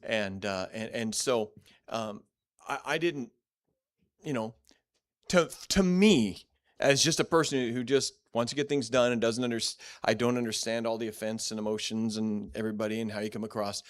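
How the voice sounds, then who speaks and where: A man's voice: medium pitch, moderate pace. A man teaching a church Bible class in a blunt, direct, conversational way, often restarting and repeating words.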